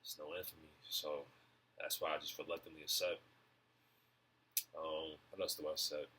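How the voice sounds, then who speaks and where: Deep-voiced man rambling, halting speech. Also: little pitch movement, pushed and bright, breathy edge. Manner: halting, repeats words and restarts often; muses over word definitions aloud. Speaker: vlogger. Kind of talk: rambling stream-of-consciousness monologue.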